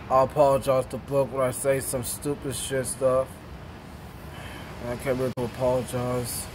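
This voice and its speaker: A man vlogging a casual, rambling apology to camera, halting and repeating himself. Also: medium pitch, noisy background. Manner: repetitive, halting, with restarts.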